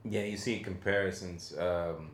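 A man's voice: deep voice, steady tone, measured pace. A man co-hosting a podcast and reviewing a film in casual chat, hesitant, with many fillers and restarts. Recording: roomy echo.

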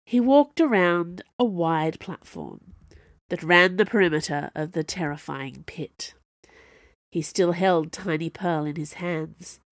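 A woman narrating a novel as an audiobook, with expressive storytelling. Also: on the low side, slow pace, no room sound, studio quality. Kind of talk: scripted narration.

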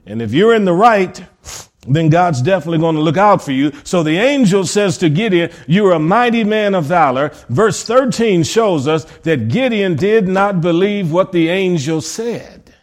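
Preaching pastor, man, slightly high voice. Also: expressive, normal speed. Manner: preaching with rhetorical questions and repetition; swings between soft asides and emphatic rises. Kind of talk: sermon.

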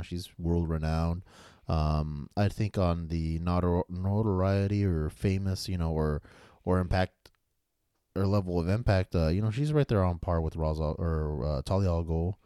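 A man co-hosting a podcast, talking casually about comics in an easygoing, halting way with many fillers. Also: deep voice, mellow, clean tone, no echo, clean studio sound. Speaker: podcast co-host.

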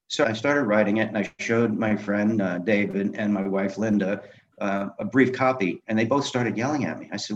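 A middle-aged man with a low, steady voice tells his stories in an animated way, jumping into the voices of the people in them. The audio is dull and slightly lo-fi, like a modest interview recording. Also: moderate pace, a little hiss or hum. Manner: animated anecdotes, acting out quoted dialogue. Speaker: guest, film director and memoir author. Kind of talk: conversational storytelling interview.

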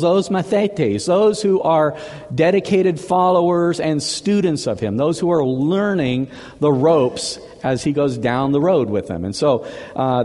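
A man preaching a sermon as the pastor, chatty and animated, often repeating words as he gathers his thoughts. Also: on the high side, long reverb tail.

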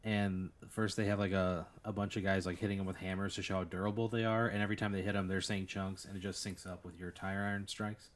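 A man with a somewhat low voice runs an improvised tabletop game. He rambles through the scene, stacking fillers and breaking into laughs as he goes. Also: level tone, quick pace, few pauses. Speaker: game master. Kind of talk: narrating an improvised tabletop scenario.

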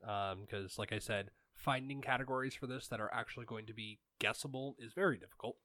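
A man's voice: mid-range voice, fairly quick, sharp tone, a little hiss or hum. A man hosting a casual sports podcast, talking in an easygoing way with plenty of ums and uhs. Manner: laid-back, many ums and uhs. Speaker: podcast host.

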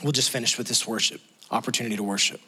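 Bright, impassioned man preaching a sermon. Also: medium pitch, fairly even intonation, very fast, husky. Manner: impassioned, acts out the voices in the story. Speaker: pastor. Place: church sanctuary.

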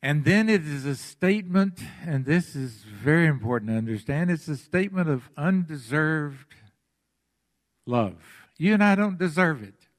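A pastor preaching a sermon, emphatic and deliberate, repeating his phrases for weight. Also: on the high side, expressive.

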